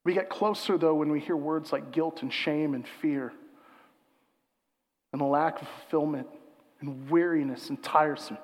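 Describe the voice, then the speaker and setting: A man preaching a sermon as pastor, emphatic and building to loud peaks, slowing to a hushed, reflective reading. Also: fairly high pitch, steady tone, long reverb tail.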